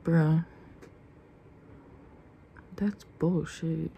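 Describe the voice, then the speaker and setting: A woman's voice: low voice, steady tone, extremely slow, gravelly, dark tone, husky. A young woman vlogging about her own life, frank and tired, swearing often and at times dropping to a whisper. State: tired and in pain. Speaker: art vlogger. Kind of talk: personal vlog rant.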